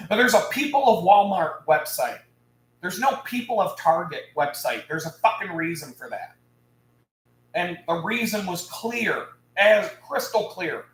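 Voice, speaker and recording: A man on a live stream telling a story in a casual, animated rant, swearing and laughing. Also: fairly high pitch, roomy sound, rough recording. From Houston area, United States.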